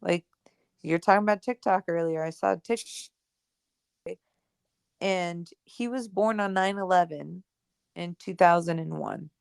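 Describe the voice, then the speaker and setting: A young adult woman co-hosting a podcast, telling a personal story in casual chat, animated and full of "like" and "right?", acting out the dialogue she quotes. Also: lowish voice, unhurried, gravelly, pauses often, smooth, no room sound, clean studio sound. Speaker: podcast co-host.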